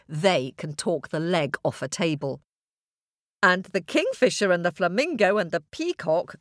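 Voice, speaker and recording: A woman's voice: sits low, a bit bright, dry recording, studio quality. A woman telling a children's fable, playfully addressing young listeners directly. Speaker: storyteller. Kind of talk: children's story narration.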